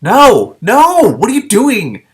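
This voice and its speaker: A man doing a cross, sharp-tongued young woman. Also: fairly low pitch, animated, a little fast. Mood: alarmed. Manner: loud, blunt and impatient.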